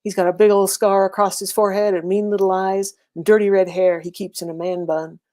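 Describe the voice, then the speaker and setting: A woman reading a first-person serialized story aloud in a steady, wry, conversational way. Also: mid-range voice, brisk. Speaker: reader.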